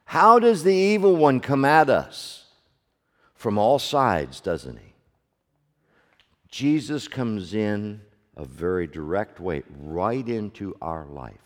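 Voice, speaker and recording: An older man preaching a sermon, firing rhetorical questions at the congregation and swinging between loud and hushed delivery. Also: fairly low pitch. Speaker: pastor. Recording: long hall reverb.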